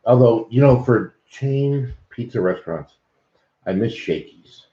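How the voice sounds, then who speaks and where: A man co-hosting a casual chat show, talking in a relaxed, rambling way. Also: mid-range voice, measured pace. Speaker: podcast co-host. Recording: echoey lo-fi room with faint noise.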